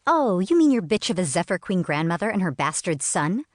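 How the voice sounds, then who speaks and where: A woman voicing a hostile teenage girl who sneers and hisses her taunts, raised above her own low, husky voice. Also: sing-song, a little fast. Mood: spiteful. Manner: sneering, hissing.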